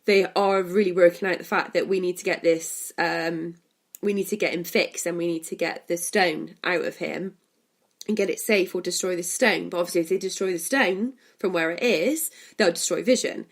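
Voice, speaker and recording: A woman's voice: on the low side, moderate pace. A woman, co-hosting a podcast and chatting casually about a film, retelling scenes and laughing often. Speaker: podcast co-host. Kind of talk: casual film review chat.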